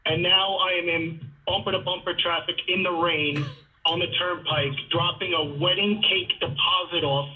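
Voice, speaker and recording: A man's voice: high-pitched, fairly even intonation, moderate pace. Dejected man calling in over a tinny phone line. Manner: rambling and dejected, many restarts. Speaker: radio show caller. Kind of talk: phoned-in sports talk. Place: in a car stuck in rainy traffic. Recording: phone-like radio call audio.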